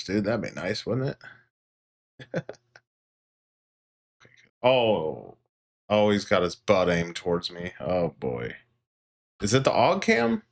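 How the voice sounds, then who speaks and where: Guy doing a laid-back stream, super animated voice going up and down, jokey, swears a bit, talks to his bird. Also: fairly low pitch, vocal fry. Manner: joking, chatty, talks to his parrot and chat; laughs often, swears casually. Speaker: livestream host. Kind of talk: casual livestream chat.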